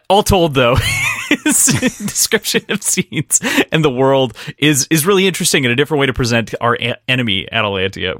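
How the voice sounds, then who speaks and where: A man's voice: mid-range voice, fairly bright tone, no room sound, clean studio sound. A man co-hosting a casual book discussion, joking and laughing often. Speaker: podcast co-host.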